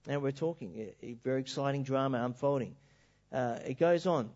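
A male preacher delivering a sermon in an animated, emphatic storytelling manner. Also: mid-range voice, brisk. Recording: dull lo-fi recording.

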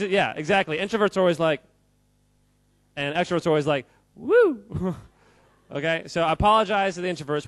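Man, fairly high voice, animated joking speaker, crowd interaction, dry close recording. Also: dry recording. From United States. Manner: animated and jokey, quizzing the crowd, often laughing. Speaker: speaker addressing a live audience. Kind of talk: lively audience-interactive talk.

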